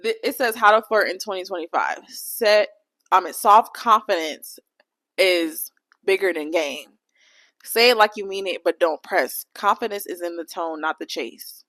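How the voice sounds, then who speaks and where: A young adult woman with a low-leaning, fairly bright voice hosts her own podcast alone, talking at an unhurried pace. Her casual solo chat is candid, playful, and profane, rambling from one point to the next.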